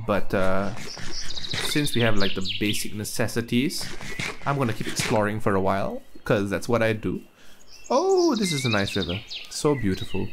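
A man's voice: medium pitch, background noise. A young man giving casual gameplay commentary, chatty and easily surprised, stammering as he talks to the characters on screen. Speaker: let's play gamer.

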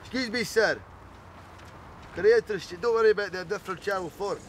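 A man's voice: sits high, fast, slight background noise, lightly acted. An actor playing a rambling, pushy male salesman of car breakdown cover in a TV comedy.

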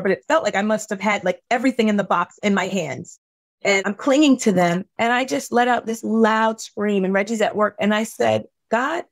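Woman guest, emotional storyteller, earnest and intense, close dry sound. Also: no room sound. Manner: earnest, intense, voice rising high when upset. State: tearful at times. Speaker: podcast guest.

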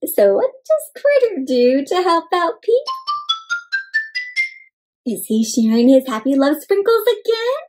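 Lively woman storyteller for kids: high, bouncy, interactive. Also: slow, pauses often, soft background music. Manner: animated, asks the listeners questions, gasps. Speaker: storyteller for children. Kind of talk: interactive read-aloud for kids.

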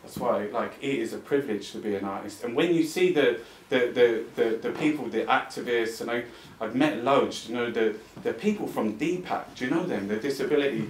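A man's voice: medium pitch, a little fast, a little hiss or hum. Impassioned rambling man at a talk. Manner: rambling and impassioned, with frequent restarts and swearing. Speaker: artist giving a talk. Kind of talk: informal talk to an audience. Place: arts club venue, talking to a live audience. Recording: roomy venue sound, mic at a distance.

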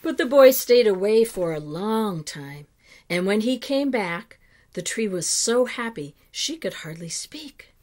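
A woman reading a children's picture book aloud, slow and expressive, sometimes dropping to a hush. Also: mid-range voice. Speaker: children's story reader.

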